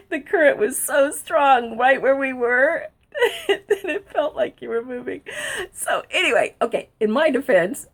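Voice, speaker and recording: A high-voiced middle-aged woman telling a story to camera, her pitch swooping up and down all the time. She is excitable, laughs through her lines and keeps quoting what other people said. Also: a little slow. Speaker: vlogger telling a personal story. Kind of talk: animated storytelling.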